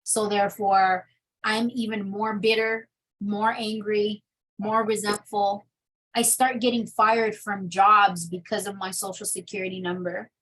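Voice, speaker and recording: A woman's voice: medium pitch, flat delivery, a little slow, a bit bright, rough recording. A young adult woman telling her personal testimony in an interview, candid and full of fillers. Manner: candid storytelling with many fillers. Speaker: interview guest.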